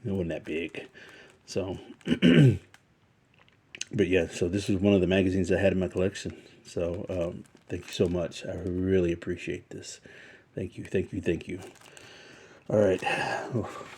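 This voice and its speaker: A middle-aged man unboxing a gift on his collecting vlog, emotional and halting, full of fillers and restarts. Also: sits low, fairly even intonation, mellow, slight background noise. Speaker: toy collector YouTuber.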